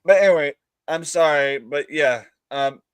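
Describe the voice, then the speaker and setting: A man's voice: a little high, unhurried, slight background noise. A man hosting a live-streamed chat show, telling a long rambling story, laughing often and acting out what other people said. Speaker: podcast host.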